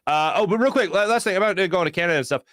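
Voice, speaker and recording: A man's voice: sits high, very fast, fairly bright tone, no echo, studio quality. A man hosting a sports talk show, chatting casually and telling joking stories. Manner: joking storyteller.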